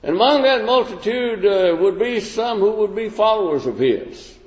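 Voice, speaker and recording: A man with a slightly high voice gives a relaxed, folksy Bible lesson, stopping often to restart his sentences. The sound is dull and lo-fi, with a long echo from a large church hall. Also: moderate pace. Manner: plain-spoken, folksy, with many restarts. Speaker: Bible class teacher.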